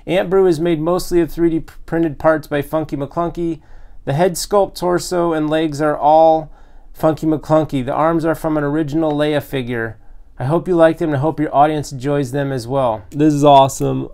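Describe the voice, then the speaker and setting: A man hosting a toy collecting vlog, unboxing custom figures with loud, gushing excitement and frequent exclamations. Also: fairly high pitch, smooth. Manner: breathless from excitement.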